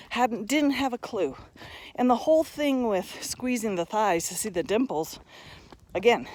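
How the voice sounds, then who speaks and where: A woman giving a motivational talk to camera, earnest and coaching, a little out of breath from high elevation. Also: darkish tone. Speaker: motivational vlogger.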